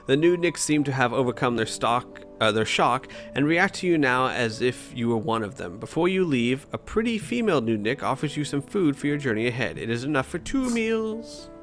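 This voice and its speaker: A man narrates a fantasy gamebook in a relaxed let's-read style, tripping over a word now and then and breaking off into chatty asides. His voice sits at a plain middle pitch. Faint music plays softly behind him. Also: moderate pace, hardly any pauses. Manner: casual reader, occasional stumbles and chuckles. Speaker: host reading a gamebook aloud.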